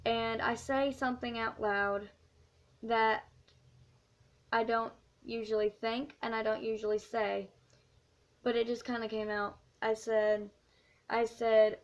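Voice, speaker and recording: A woman's voice: on the high side, little pitch movement, slow pace, pauses often. A teenage woman telling an earnest, rambling story in a casual vlog, with many fillers. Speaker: vlogger. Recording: dull lo-fi recording.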